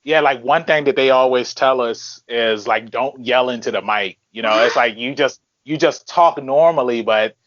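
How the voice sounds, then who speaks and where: A man with a mid-range voice chats on a podcast in an easy, laid-back way, full of casual fillers. The sound is dry and close, a little dull in the highs. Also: moderate pace, few pauses, a bit bright, no echo. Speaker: podcast panelist. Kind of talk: casual chat.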